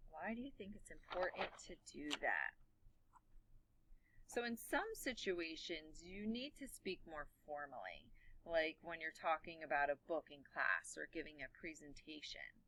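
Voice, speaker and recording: A woman teacher explaining a class lesson, talking quickly and animatedly and demonstrating with her own voice. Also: deep voice, animated, sharp tone, low-quality recording.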